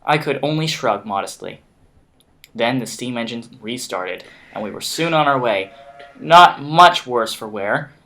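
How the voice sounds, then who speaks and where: A man's voice: medium pitch, animated, unhurried, sharp tone, slight background noise. A man playing a story game with a friend, reading the narration aloud in a casual way, stumbling over words and restarting. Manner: reads narration with slips and restarts, laughs often. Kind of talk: casual let's-play chat and reading aloud.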